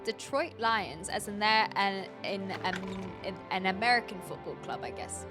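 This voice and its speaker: A woman's voice: medium pitch, normal speed. A young woman streamer thinking aloud with lots of fillers as she plays, in casual gameplay commentary. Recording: game music clearly behind. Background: game music.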